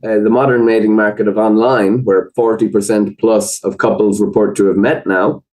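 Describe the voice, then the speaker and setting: An Irish man speaks as a podcast guest in a fairly low voice. He explains ideas in a thoughtful, measured way and pauses on frequent fillers. His tone is relaxed and conversational. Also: low-quality recording.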